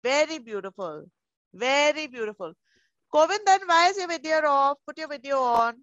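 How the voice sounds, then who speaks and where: A woman's voice: sits high, lively intonation, moderate pace, fairly bright tone, no echo. A woman with an Indian English accent teaching pre-school children over a video call, coaxing and affectionate, calling them darling. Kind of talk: online class with young children. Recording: muffled video call audio.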